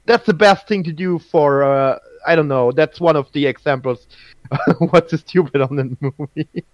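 Slow, halting man with a dry voice. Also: on the high side, dry recording, highs cut off. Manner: halting, repeats words, laughs often. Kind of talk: casual chat.

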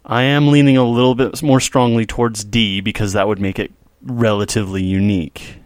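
A man co-hosting a casual podcast. He is playful and tells jokey stories with lively asides. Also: lowish voice, fairly quick, dry recording, studio quality. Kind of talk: casual chat.

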